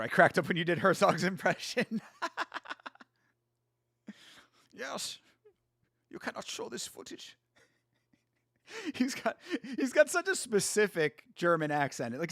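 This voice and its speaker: A high-voiced man hosts a casual live watch-along, swearing freely and trash-talking the fighters. He reads viewer chat aloud, answers it, and laughs often. The sound is close and dry, with no room echo. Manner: excitable, profane, trash-talking. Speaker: host.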